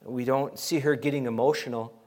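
A middle-aged man preaching a sermon as pastor, animated and emphatic, acting out quoted voices. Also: medium pitch, a little fast, slight background noise.

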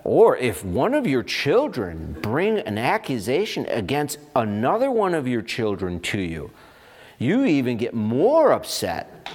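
A man preaching a sermon as pastor, animated and expressive, voicing little asides and firing rhetorical questions. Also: mid-range voice, a little slow.

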